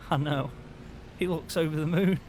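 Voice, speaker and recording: A young man, chatting in character during a farming game roleplay, friendly and quick to cheer. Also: fairly high pitch, fairly even intonation, noisy background. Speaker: roleplay player. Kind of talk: casual in-character roleplay chat.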